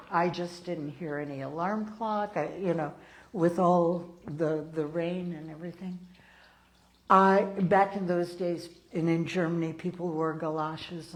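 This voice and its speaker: A woman's voice: on the low side, darkish tone, low-quality recording. A woman in her sixties, a minister, giving a sermon and telling personal stories, acting out the people she quotes. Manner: slow, storytelling, acts out quoted people. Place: church sanctuary.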